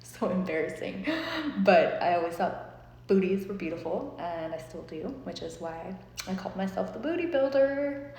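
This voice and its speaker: A woman's voice: lowish voice, moderate pace, darkish tone, a little hiss or hum. A young woman telling a story in a chatty, casual way, full of fillers and swearing. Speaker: vlogger. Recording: echoey room with long reverb.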